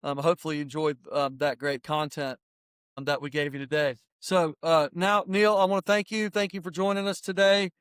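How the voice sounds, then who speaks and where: A man's voice: on the high side, level tone, fairly bright tone, clear, resonant tone, no echo, clean studio sound. A middle-aged man hosting a podcast, talking in a blunt, fired-up, preachy way. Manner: rapid-fire opinions. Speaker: podcast host. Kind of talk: casual motivational podcast talk.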